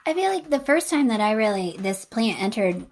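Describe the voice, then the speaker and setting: A woman's voice: on the high side, very animated, a little mellow. A woman co-hosting a podcast, chatting casually and joking along. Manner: chatty, quick to agree and joke. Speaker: podcast co-host. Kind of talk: casual gardening chat.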